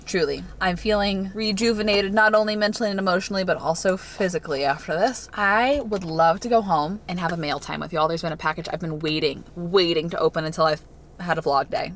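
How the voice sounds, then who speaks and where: A young woman vlogging casually to camera, chatty and excitable, gasping and squealing over what she unwraps. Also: on the low side, a little fast, slight background noise. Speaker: lifestyle vlogger. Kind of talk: casual vlog chat to camera.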